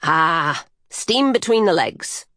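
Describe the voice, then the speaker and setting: A woman's voice: lowish voice, lively intonation, takes it slowly, fairly bright tone, dry recording, studio quality. A woman voicing a crude, carefree coyote trickster who talks bluntly and playfully. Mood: offhand.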